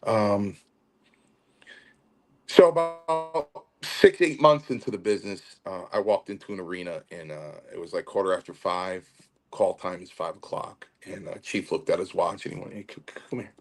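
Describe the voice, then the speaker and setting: Low-voiced middle-aged man telling stories. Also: normal speed. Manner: animated storyteller, acts out quotes. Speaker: podcast guest. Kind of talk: storytelling interview.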